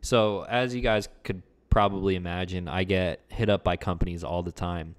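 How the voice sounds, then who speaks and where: Low, smooth-voiced young man podcasting. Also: fairly even intonation, normal speed. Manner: laid-back, joking, trails off quietly. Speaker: podcast co-host. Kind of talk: casual podcast chat.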